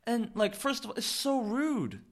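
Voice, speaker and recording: A man's voice: very high voice, sing-song, normal speed. A man co-hosting a podcast, telling a story in casual chat, full of fillers and the odd swear word. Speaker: podcast co-host.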